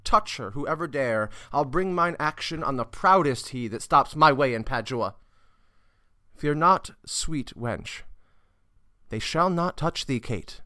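A man reading verse aloud as a bold, swaggering young male suitor, loud and emphatic. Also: fairly high pitch, animated, unhurried, no echo, clean studio sound, voice pushed up. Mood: commanding.

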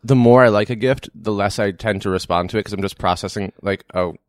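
Male co-host, low-pitched, chatty, laughs easily, dry studio sound. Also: fast talker, no room sound. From New Hampshire. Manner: giggly, chatty, goofy asides. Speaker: podcast co-host. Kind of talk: casual chat with scene reading.

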